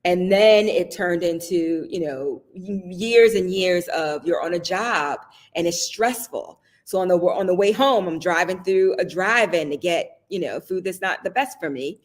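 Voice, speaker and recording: A woman's voice: lowish voice, a little slow, hardly any pauses. A woman from the Southern United States hosting a casual live stream, talking in a chatty, personal way and often checking in with her viewers. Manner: chatty and personal, often asks "right?" and laughs.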